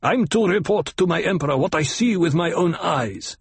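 Man playing a gruff officer, growling, disdainful, husky, dry. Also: a little high, lively intonation, moderate pace, no echo, voice pushed up, heavily acted.

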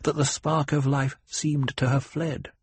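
A man's voice: on the high side, little pitch movement, unhurried, husky, no room sound, pitched above the performer's own voice. A man doing a proud, fierce noble mother. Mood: tense.

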